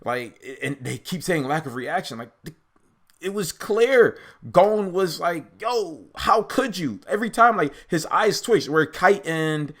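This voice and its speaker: Rambling, argumentative young man with a higher voice. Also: lively intonation, measured pace. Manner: rambling, filler-heavy, argumentative. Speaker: anime reaction commentator. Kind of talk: casual unscripted commentary.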